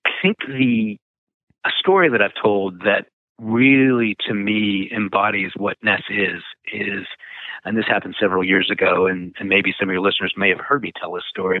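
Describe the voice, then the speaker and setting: A man's voice: fairly low pitch, dry recording. A man, a nonprofit founder, telling stories in an interview, rambling with many fillers and restarts. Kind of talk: conversational storytelling. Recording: dry tinny phone line.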